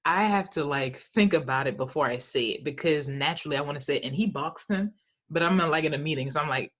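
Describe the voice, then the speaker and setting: A woman talks in a measured way on a casual podcast. Her voice is very low and husky, with a breathy edge. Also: fairly bright tone. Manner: measured, clears throat often. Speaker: podcast co-host. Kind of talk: casual chat.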